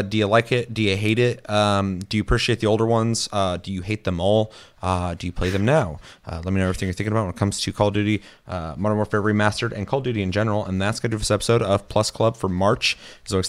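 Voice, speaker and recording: Slightly low-voiced casual podcast host, man. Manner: loose, rambling, swears casually. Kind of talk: casual gaming podcast chat.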